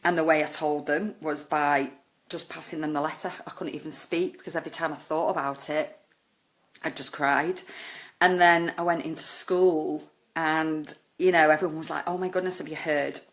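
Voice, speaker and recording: Woman, low voice, earnest personal story, lots of fillers. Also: steady tone, normal speed. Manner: earnest, emotional, many fillers and "oh my goodness". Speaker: life coach.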